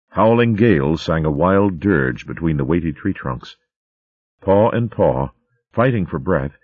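A man narrating a storybook with a steady, vivid reading. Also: extremely low pitch, breathy edge, dry recording, muffled recording.

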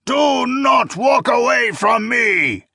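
A hoarse old priest, as a man puts him on, booming and pitched well above the reader's own voice, bellowing accusations in a dry, close recording. He rants scripture with loud, zealous cruelty, like a figure from a read-aloud storybook. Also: animated, unhurried, no room sound, exaggerated voice. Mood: ranting. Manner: shouting, ranting scripture.

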